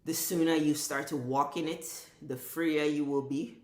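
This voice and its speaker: A woman's voice: sits low, steady tone, a little slow, darkish tone, reverberant. A woman vlogger delivering an impassioned, profane commentary rant, driving her points home with emphatic repetition.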